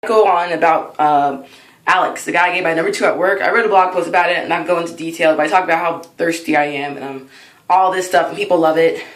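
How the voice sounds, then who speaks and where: A woman in her early twenties telling a personal story in an excitable, dramatic way for her vlog. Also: on the low side, quick pace, reverberant, poor audio. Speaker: vlogger.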